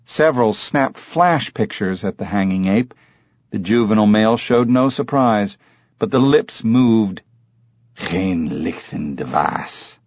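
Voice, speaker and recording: A man narrating a novel in a measured storytelling voice. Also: lowish voice, darkish tone, dry recording. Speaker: audiobook narrator. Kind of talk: scripted narration.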